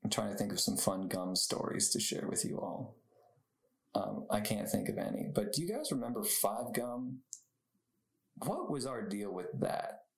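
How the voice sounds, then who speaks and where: A man's voice: lowish voice, sing-song, moderate pace, vocal fry. A young man hosting a podcast on his own, chatting casually, rambling off on tangents and laughing often. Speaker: podcast host. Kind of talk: casual solo podcast chat. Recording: echoey room.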